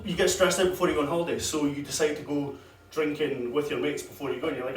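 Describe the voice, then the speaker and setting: A young comedian with a slightly high voice tells crude, self-mocking stories at an open mic. His voice carries from the stage through a handheld mic. The recording comes from far back in a boomy club, with room noise around him. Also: quick pace, a bit bright, echoey room. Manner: self-deprecating, crude storytelling with laughs. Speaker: stand-up comedian. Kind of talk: open-mic stand-up set. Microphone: handheld corded mic, recorded from far.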